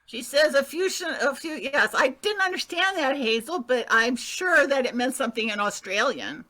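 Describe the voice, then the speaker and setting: A woman's voice: high voice, expressive, moderate pace, pushed and bright. A woman improvising a chatty middle-aged nurse who gushes, rambles and repeats her words. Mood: gushing chatty. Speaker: improv performer. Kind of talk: improvised comedy scene.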